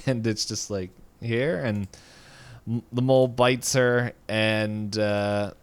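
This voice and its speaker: Low, smooth-voiced man recapping casually. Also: steady tone, slow pace. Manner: rambling with many fillers and frequent chuckles. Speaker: podcast co-host.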